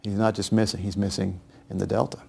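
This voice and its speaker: A man telling a true story to listeners in a grave, measured way. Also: lowish voice, level tone, creaky, a little mellow, breathy edge. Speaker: speaker recounting history. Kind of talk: storytelling lecture.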